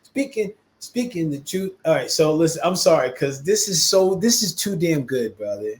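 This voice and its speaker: A man's voice: on the high side, normal speed. A man hosting a casual podcast conversation, talking animatedly and emphatically and acting out quoted dialogue in shifting voices. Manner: animated, emphatic, calls listener "bro". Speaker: podcast host.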